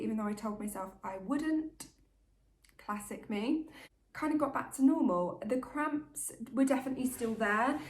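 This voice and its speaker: Chatty woman in an echoey room. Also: a little high. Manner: open, candid and chatty, talking like to a best friend. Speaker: vlogger. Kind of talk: casual chatty update to camera.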